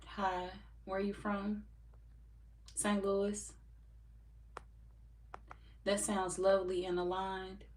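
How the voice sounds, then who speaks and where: On a live tarot stream, a woman reads viewer comments and chats casually, swearing without restraint and laughing often. Her mid-range voice stays monotone, and she speaks slowly with frequent pauses. The mic sits far away, so there's roomy echo plus faint background noise.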